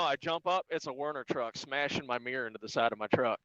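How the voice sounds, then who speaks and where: A man who drives a flatbed truck, chatting casually as a guest on a live stream and telling animated stories about life on the road. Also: medium pitch, fast, no echo, lo-fi sound. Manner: animated storyteller, quotes people in voices.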